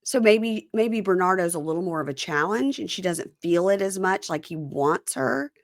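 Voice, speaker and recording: Woman host, lively recap voice, dry close sound, acts out the quotes. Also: on the low side, normal speed, no room sound. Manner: retells scenes with quoted voices and wry asides. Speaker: podcast host. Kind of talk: casual recap chat acting out reality-show dialogue.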